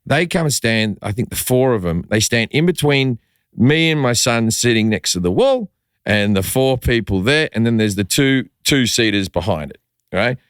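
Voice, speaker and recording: A comedian guest on a podcast spins a casual story, acting out the people involved and swearing freely in an animated way. His medium-pitched voice comes at normal speed with a clean tone, studio quality and no echo.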